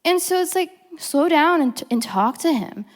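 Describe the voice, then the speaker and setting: A woman's voice: sits high, animated, moderate pace. A young woman giving a casual devotional teaching, chatty, full of fillers, acting out the quotes she tells. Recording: long hall reverb.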